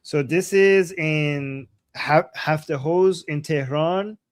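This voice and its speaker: A man hosting a casual live stream, reacting with excitement to protest videos and translating the chants for his viewers. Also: on the high side, slow pace. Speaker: political commentary host. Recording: loud background noise.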